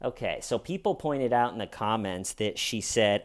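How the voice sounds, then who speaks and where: A man's voice: fairly low pitch, expressive, moderate pace, few pauses. A man giving sarcastic, comedic true crime commentary with wry asides.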